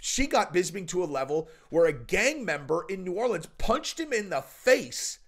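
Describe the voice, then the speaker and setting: A man's voice: high-pitched, sing-song, moderate pace, fairly bright tone. A man hosting his own channel, giving a casual, rambling commentary monologue full of profanity and asides. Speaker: channel host.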